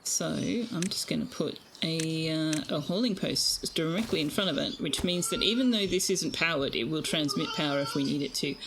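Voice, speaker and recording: A woman's voice: low voice, animated, moderate pace, gravelly, hardly any pauses, background noise. A woman chatting casually while streaming a game from home, talking to her viewers and now and then to her cat. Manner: chatty, talks baby talk to her cat. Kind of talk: casual live-stream chat. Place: home room with birds outside. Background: birdsong from outside.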